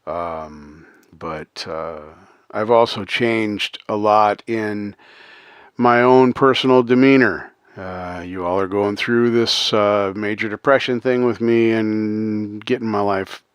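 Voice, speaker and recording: Low-voiced man chatting on a livestream. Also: slow pace, smooth, no echo, lo-fi sound. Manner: rambling, earnest, many ums and uhs; chuckles often, reads out chat names. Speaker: livestream host. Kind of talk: casual livestream chat.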